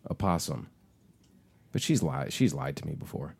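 A man's voice: rumbling low, very animated, normal speed, gravelly, darkish tone. A man in his thirties, co-hosting a casual chat, telling rambling, profane stories and laughing often. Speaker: podcast co-host.

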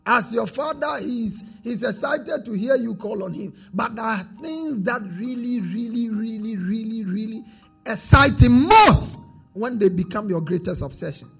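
A man's voice: very high-pitched, lively intonation, measured pace, vocal fry, slightly rough, soft background music. A man preaching a sermon as pastor, drifting into a sing-song cadence and calling for the congregation to repeat after him.

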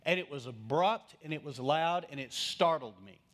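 Pastor telling a story in a sermon. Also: male voice, on the high side, moderate pace. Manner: conversational, swings from lively to hushed.

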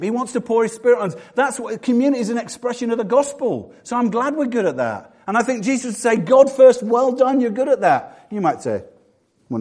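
With a high-pitched, darkish voice, a middle-aged man preaches as pastor in a church. The sermon is chatty and self-mocking, full of restarts and jokes aimed at the congregation.

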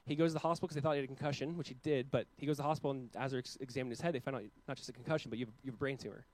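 A man in his thirties preaching a sermon as a pastor, earnest, with loud emphatic peaks and quiet, slowed passages. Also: mid-range voice, steady tone, poor audio.

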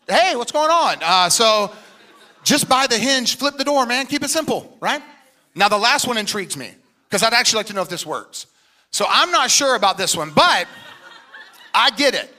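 A man's voice: high-pitched, sharp tone. A middle-aged male pastor preaching a sermon with energy and humor, often quoting people in put-on voices.

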